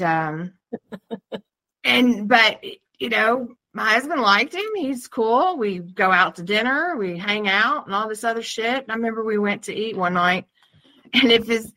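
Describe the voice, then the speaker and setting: Bright-voiced woman telling frank stories. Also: fairly high pitch. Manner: candid and profane, laughing often. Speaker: podcast co-host. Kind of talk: casual storytelling chat.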